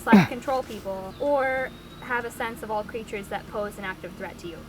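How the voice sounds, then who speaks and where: A co-host with a slightly high voice reads out audience questions at normal speed, playful in casual chat and adding dry asides. Soft music plays behind her, and the recording quality is low.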